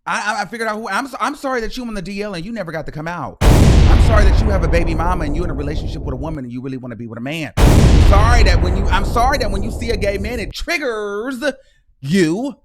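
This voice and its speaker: Man, high-pitched voice, heated sarcastic rant, livestream host, swearing. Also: animated, fast talker, heavy background noise. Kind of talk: ranting livestream commentary.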